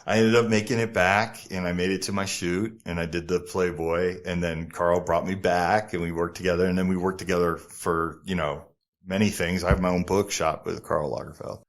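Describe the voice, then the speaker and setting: Low-voiced middle-aged man telling a story. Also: moderate pace. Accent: New Jersey. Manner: animated, profane, acts out other people's lines. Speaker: podcast guest, former model. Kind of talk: casual storytelling interview.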